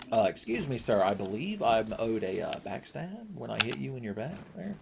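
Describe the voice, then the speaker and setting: A man's voice: mid-range voice, sing-song, normal speed, gravelly, noisy background. A man commentating his video game play with crude, sarcastic jokes. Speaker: gaming channel host.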